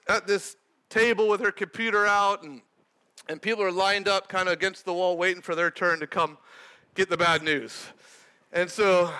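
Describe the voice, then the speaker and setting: A young man preaching, telling a personal testimony in an animated, storytelling manner that breaks into shouting. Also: sits high. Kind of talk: sermon testimony.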